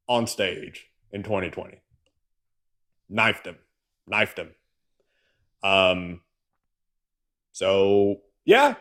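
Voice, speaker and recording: A man from the American South co-hosting a political livestream, ranting with sarcastic exasperation. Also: fairly low pitch. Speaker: co-host. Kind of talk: political commentary rant.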